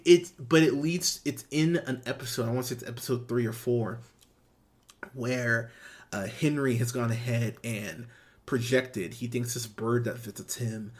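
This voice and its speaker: Brief: young male podcast host, mid-range voice, excitable and profane in casual chat. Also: medium pitch. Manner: enthusiastic, profane, full of restarts and fillers.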